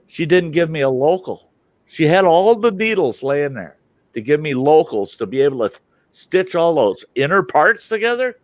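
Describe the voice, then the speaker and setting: A man's voice: medium pitch, normal speed, no room sound, highs cut off. An older man hosting, telling a personal story in a casual way and acting out the voices of the people in it. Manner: animated, acts out quoted voices. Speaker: storytelling host.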